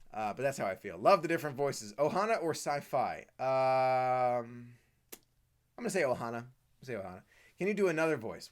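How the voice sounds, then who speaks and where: A man from the Washington, D.C. area hosting a live stream Q&A, chatty, reading viewer comments aloud and answering them. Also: medium pitch. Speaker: host.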